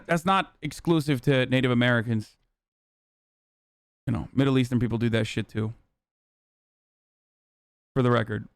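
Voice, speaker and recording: Smooth-voiced man ranting on a live stream. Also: medium pitch, fairly even intonation, normal speed, pauses often, dry recording. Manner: profane, blunt, reacting to chat with sarcasm. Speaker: livestream host. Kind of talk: casual live-stream commentary.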